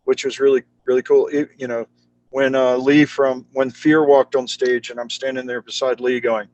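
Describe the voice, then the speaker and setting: A man at mid pitch telling stories in a loose, casual chat. He talks with lively energy and easy slang, and he jumps into the voices of the people in his stories. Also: moderate pace, dull audio. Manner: animated, slangy, acts out quoted people. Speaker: guest, charity founder.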